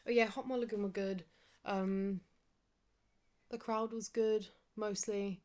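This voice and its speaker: A young woman chats casually in a sleepy, rambling way, her speech often fading to a soft whisper. Her pitch sits in an ordinary middle range. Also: fairly even intonation, slow pace. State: sleepy, yawning. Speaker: vlogger. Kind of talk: casual chat.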